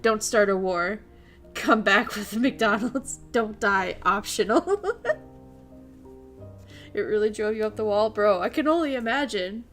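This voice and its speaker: A young woman streamer chatting casually with her viewers in an animated way and laughing often. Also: mid-range voice, measured pace, pauses often, faint music behind. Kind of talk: casual chat while streaming.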